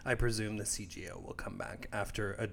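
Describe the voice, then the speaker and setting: A man from Canada co-hosting a tennis podcast in casual chat, relaxed and joking, laughing often. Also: on the low side, brisk, vocal fry, slight background noise. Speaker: podcast co-host.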